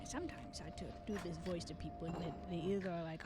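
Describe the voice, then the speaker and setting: A woman's voice: on the low side, steady tone, quick pace, noisy background. A young woman streamer with a slight Southern US accent, chatting casually while she plays, rambling and joking and swearing freely. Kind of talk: casual gaming stream chat.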